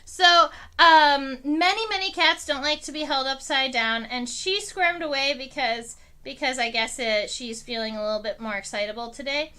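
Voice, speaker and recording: Bright-voiced woman chatting on a stream. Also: normal speed, few pauses. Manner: chatty storytelling with fillers; animated, pitch rising on exciting parts. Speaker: entomologist streamer. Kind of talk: casual livestream chat. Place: home living room.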